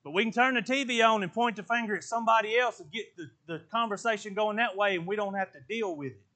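A man preaching a sermon in colloquial speech, swinging from loud exclamations to hushed, earnest talk. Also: high-pitched, fast talker.

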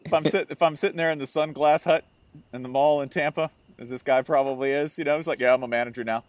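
Animated man telling a story, dry sound. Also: on the high side, quick pace, no room sound. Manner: animated storytelling, mimics people for laughs. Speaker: podcast co-host. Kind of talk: casual chat.

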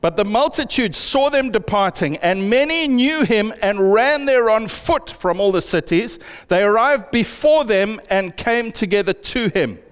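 High-voiced animated male preacher. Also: a little slow, few pauses, clean tone. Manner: animated storytelling. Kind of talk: sermon. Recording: long hall reverb.

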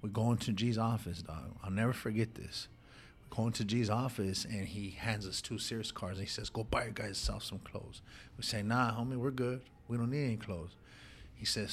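A man's voice: fairly low pitch, steady tone, normal speed, slight background noise. A man telling an emotional personal story in casual street slang, calling his listener dog and homie. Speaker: guest sharing his life story.

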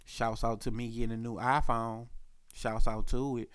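A young man hosting a podcast, telling a casual story with lots of slang, filler words and throat clearing, and his voice jumps up when he quotes himself. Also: mid-range voice, level tone, normal speed, no echo, clean studio sound. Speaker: podcast host.

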